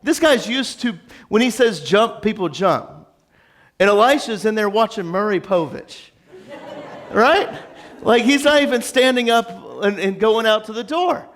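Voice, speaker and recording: A male pastor preaching a sermon, retelling the story in an animated, joking, conversational way. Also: high voice, a little slow.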